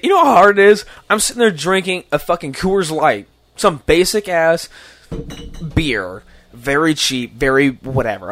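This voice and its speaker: A man's voice: fairly high pitch, a bit bright, no echo. A young man rambling through a profane party story in casual podcast chat, laughing and restarting often. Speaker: guest storyteller.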